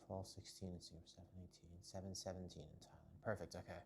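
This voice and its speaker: A man's voice: sits low, little pitch movement, quick pace, creaky, a little hiss or hum. A man live-streaming from his home, chatting casually with viewers while working out and scolding his cats. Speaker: livestreamer. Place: home, kitchen corner.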